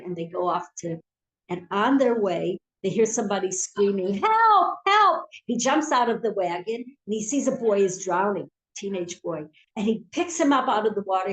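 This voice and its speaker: A woman teaching a live Torah class, telling stories in an animated way and acting out the characters. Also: mid-range voice. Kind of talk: live storytelling lesson. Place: synagogue hall. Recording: roomy hall sound.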